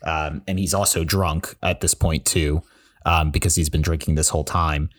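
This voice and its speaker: A man with a very low voice co-hosts a book podcast. He summarizes the chapter in an easygoing, rambling way, full of fillers. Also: normal speed. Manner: relaxed plot summary with fillers. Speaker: podcast co-host. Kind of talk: casual literary discussion.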